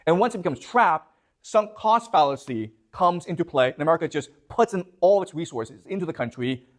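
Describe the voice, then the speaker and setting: In a classroom lecture, a man with a higher-pitched, animated voice talks a little fast. He poses questions to his students and repeatedly checks in with "okay? you understand?"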